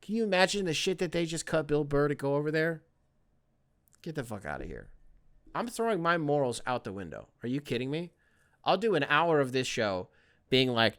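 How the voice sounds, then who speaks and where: A man hosting a podcast, rambling in casual solo commentary with lots of swearing and excitable outbursts. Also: on the high side, normal speed. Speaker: podcast host.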